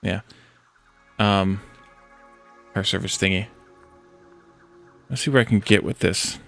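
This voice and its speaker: Gravelly-voiced man streaming a game. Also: on the low side, slow, fairly bright tone, soft background music. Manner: chatty, reacts to chat, talks to himself while building. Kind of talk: casual let's-play commentary.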